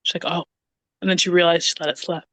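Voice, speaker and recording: Woman in her 30s, lively storyteller, plays out the dialogue, dry close sound. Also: on the low side, fast talker, no echo. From Canada (Ontario). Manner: animated, acts out quoted dialogue. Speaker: podcast guest. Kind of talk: casual storytelling conversation.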